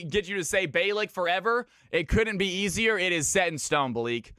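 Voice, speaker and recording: A man's voice: high voice, expressive, normal speed, hardly any pauses, bright, forceful tone, smooth, no room sound, clean studio sound. A man from California hosting a live game stream, commentating picks and greeting viewers by name in an upbeat way. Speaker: streamer casting viewer games.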